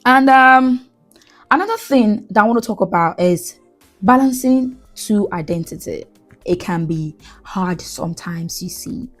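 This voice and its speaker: A woman with a Nigerian accent, hosting a podcast and telling animated, laughing stories in a casual monologue. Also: medium pitch, measured pace, faint music behind. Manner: animated, laughing, slips into pidgin. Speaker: podcast host.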